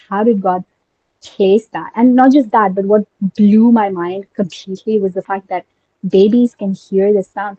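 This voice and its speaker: A woman's voice: mid-range voice, warm tone, dry recording, muffled recording. A young woman whose first language is Urdu, talking eagerly in casual conversation and thinking aloud with many fillers and restarts. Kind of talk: casual conversation about linguistics.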